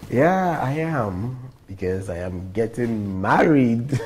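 A man playing a happily engaged office worker, speaking in a calm, mild way. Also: mid-range voice, a little hiss or hum. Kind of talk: film acting.

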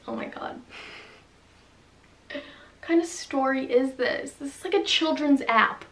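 A woman's voice: high-pitched, unhurried, long pauses, a bit bright, recorded from a distance. A young woman giving sarcastic, chatty commentary while playing a story game and reading its lines aloud. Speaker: gaming vlogger. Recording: echoey room, voice off-mic, music behind.

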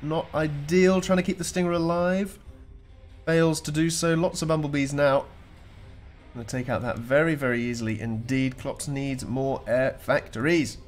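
A man's voice: a little high, steady tone, normal speed, faint music behind. A man commentating a strategy game replay, chatty and joking with playful asides.

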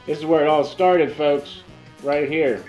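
A man's voice: a little high, a little slow, darkish tone, soft background music, poor audio. A man co-hosting a whiskey and cigar review, chatting casually in a joking, easygoing way. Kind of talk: casual chat.

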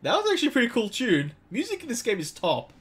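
A man's voice: extremely high pitch, huge pitch swings, quick pace, husky. A man in casual game commentary, chatty and jokey, often stumbling over words. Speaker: let's play streamer.

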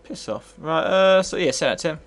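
A man's voice: on the high side, fairly quick, slight background noise. A tipsy man commentating live as he plays and reviews an old computer game, swearing freely and rambling. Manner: sweary, rambling, bursts into excited yells.

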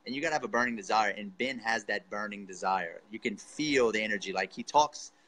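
Hyped coach guy, bright forceful voice, keeps saying dude. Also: lowish voice, a little fast, poor audio. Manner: enthusiastic, encouraging, says dude and man a lot. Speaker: real estate coach. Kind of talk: casual interview chat.

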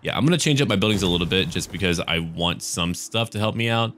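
An American man giving relaxed, jokey commentary over a strategy game as he plays, chatty and swearing casually. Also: low-pitched, fast talker, a little hiss or hum. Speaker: gaming let's-play host.

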